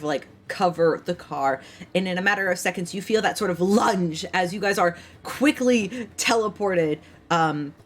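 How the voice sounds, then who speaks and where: A woman's voice: fairly low pitch, slight background noise. A woman with a tired, strained voice, narrating a tabletop game as game master, rambling with many ums and likes.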